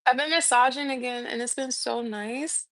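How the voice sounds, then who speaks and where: A woman's voice: fairly high pitch, normal speed, a bit bright, dry recording. A young adult woman hosting a casual morning live stream from her kitchen, chatty and laughing as she tells stories while eating. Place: home kitchen. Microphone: phone mic.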